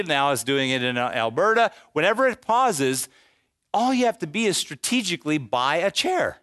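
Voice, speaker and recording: A man giving a live presentation on real estate investing to an audience, animated and joking, sometimes slipping into voices for the people he quotes. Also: a little high, no echo, clean studio sound.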